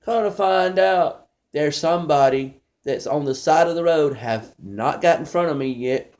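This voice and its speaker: A man's voice: on the high side, a little slow, a little mellow. A man doing a rambling, conversational stand-up comedy monologue, storytelling with many restarts.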